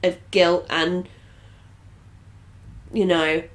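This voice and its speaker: A woman with a somewhat low voice, chatting with her co-hosts about a TV episode. She sounds eager and keeps building theories as she talks. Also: little pitch movement, very slow. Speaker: reaction show co-host. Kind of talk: casual chat reacting to a TV episode.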